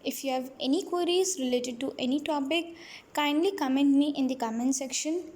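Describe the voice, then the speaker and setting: A woman's voice: high-pitched, normal speed. A woman reading out study notes in a plain listing manner. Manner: reads headings and definitions in a flat list. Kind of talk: read-aloud lecture notes.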